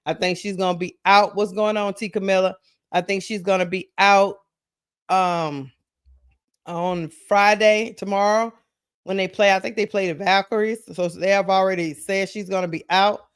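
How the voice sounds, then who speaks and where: A man with a high voice hosts a live sports talk stream. He chats casually and loosely, greets viewers by name and thinks aloud while he looks for things. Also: steady tone, normal speed, a bit bright, smooth.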